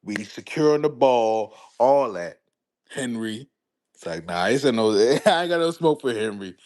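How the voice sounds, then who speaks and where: Young male streamer, mid-pitched voice, slangy and animated, reacting to chat. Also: a little slow. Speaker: live streamer. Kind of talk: casual livestream sports commentary.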